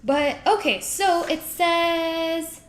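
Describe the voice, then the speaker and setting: A woman's voice: very high-pitched, drawn-out words, a little hiss or hum. A woman streaming live from her kitchen as she cooks, chatting playfully with her viewers, reading their messages aloud and trading puns with them. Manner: playful, punning, reads chat aloud and answers it. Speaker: livestreamer. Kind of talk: live cooking stream chat. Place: home kitchen.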